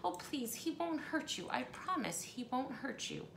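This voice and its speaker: A woman doing a gentle, soothing motherly lady. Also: on the high side, big pitch swings, measured pace, a little hiss or hum, pitched above the performer's own voice, heavily acted. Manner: soothing, reassuring. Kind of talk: storybook read-aloud. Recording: echoey room.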